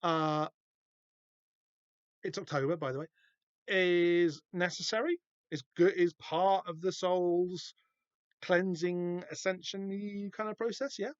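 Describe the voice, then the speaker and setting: A man's voice: sits high, fairly even intonation, takes it slowly, long pauses, clear, resonant tone, no echo, dull audio. A man hosting a podcast, giving casual, rambling and wry comic book commentary that keeps interrupting itself. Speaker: podcast host.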